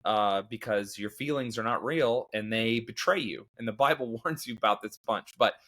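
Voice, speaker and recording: A man's voice: medium pitch, moderate pace, fairly bright tone. A man in his thirties talking candidly and emotionally about faith and grief, rambling with restarts and occasional laughs. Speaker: comedian and podcast guest. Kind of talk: candid conversational talk.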